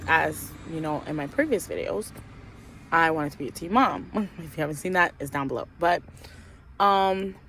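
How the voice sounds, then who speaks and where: Young adult woman vlogger, chatty outdoor storytelling, slightly low pitch. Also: animated, moderate pace, fairly bright tone, slight background noise. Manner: chatty, lots of fillers and "like". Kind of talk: casual storytime vlog.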